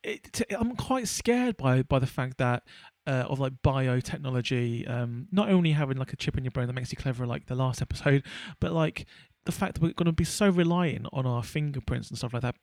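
A man's voice: medium pitch, expressive, brisk, few pauses, a little mellow, no echo. A man co-hosting a podcast, chatting casually and rambling with lots of restarts and fillers. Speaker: podcast co-host. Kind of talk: casual chat.

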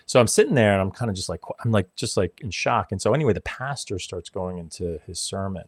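Brief: man in his 40s, deep voice, dry close sound, animated storyteller who swears. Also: quick pace, no echo. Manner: animated, swearing, acts out quotes. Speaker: podcast guest. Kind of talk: casual storytelling.

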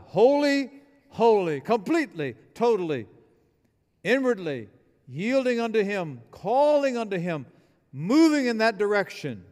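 Male pastor, fervent sermon delivery, higher-pitched voice, reverberant sanctuary. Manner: emphatic preaching with call-and-response. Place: church building.

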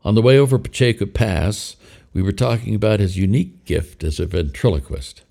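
Deep gravelly older man narrating. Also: fairly quick, dark tone. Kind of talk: memoir narration.

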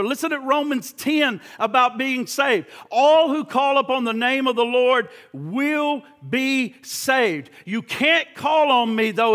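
A man preaching a sermon, emphatic and pressing, stumbling over repeated words and firing rhetorical questions at his listeners. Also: very high-pitched. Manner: shouts at points.

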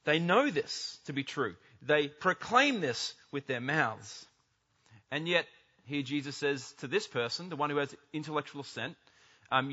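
A man preaching a sermon as pastor, animated, acting out the voices he quotes. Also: a little high, measured pace, highs cut off. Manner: animated, acts out quoted speech.

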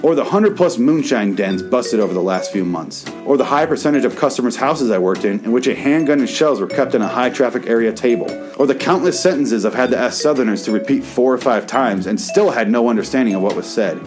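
Midwest-raised male comedy host, mid-pitched, sarcastic and foul-mouthed rant, faint music under him. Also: lively intonation, a little fast, hardly any pauses. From American Midwest. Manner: sarcastic, profane, bitter ranting. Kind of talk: reading his own writing aloud, then improvised rant.

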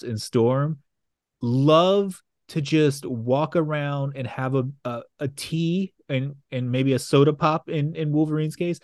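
A man's voice: fairly high pitch, darkish tone, no room sound, studio quality. A man co-hosting a casual chat, recapping a cartoon episode with blunt, swearing, rambling asides. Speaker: podcast co-host.

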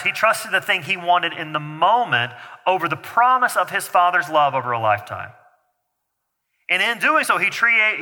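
A man's voice: fairly high pitch, bright, forceful tone. A man preaching a sermon as a pastor, talking to the congregation in a loose, conversational way and joking with the kids in the room. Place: church sanctuary. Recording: hall reverb.

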